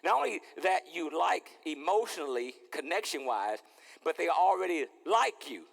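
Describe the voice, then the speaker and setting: A man preaching as pastor in a lively, playful sermon, acting out little scenes and repeating his words. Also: fairly high pitch, normal speed, vocal fry, long reverb tail. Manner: animated, playful, repeats words, acts out dialogue. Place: church sanctuary.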